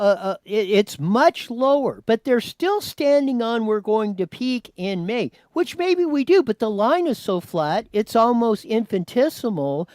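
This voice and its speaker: A man's voice: high voice, clear, resonant tone, dry recording. A man hosting a news show, commenting on a clip and giving cues to his producer. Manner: animated, talks to his producer, many restarts.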